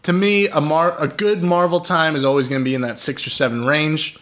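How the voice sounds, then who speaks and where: A man's voice: fairly high pitch, fairly even intonation, fairly quick, a bit bright. A man co-hosting a casual film review podcast, giving blunt, joking opinions. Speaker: podcast co-host.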